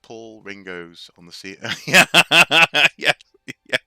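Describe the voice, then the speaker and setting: A man's voice: mid-range voice, animated, slow, pushed and bright, smooth, no echo, faint music behind. A man casually commenting on a game as he plays, rambling with frequent restarts. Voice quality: rambling, with many fillers and restarts. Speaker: streamer.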